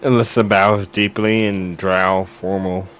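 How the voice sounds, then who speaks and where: A man playing a tabletop game, loudly narrating what his character does. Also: low-pitched, little pitch movement, measured pace, clear, resonant tone. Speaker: player. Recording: dull, dry, muffled sound.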